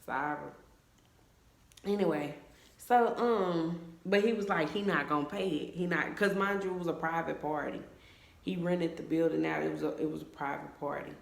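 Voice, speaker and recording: A young woman telling a casual storytime vlog at home, chatty and animated as she talks to her viewers. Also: low-pitched, moderate pace, gravelly. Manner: chatty and animated, voices her friends' lines in quotes. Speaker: vlogger. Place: at home in a room, taking her hair down on camera. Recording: echoey room.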